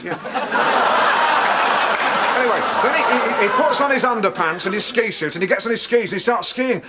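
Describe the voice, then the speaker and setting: A pompous, overexcited film obsessive. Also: male voice, sits high. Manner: indignant, overexcited retelling with put-on voices. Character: pompous, excitable middle-aged male film obsessive. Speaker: comedy character. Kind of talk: sitcom acting. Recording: noisy clip with clicks.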